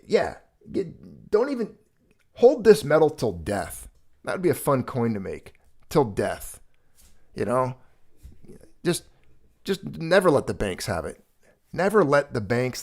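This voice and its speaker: A man hosts a casual livestream in a mid-range voice, rambling from thought to thought. He sounds earnest and open, with emotion close to the surface. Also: medium pitch. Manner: rambling, earnest, emotional when speaking of a lost pet. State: choked up. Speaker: livestream host.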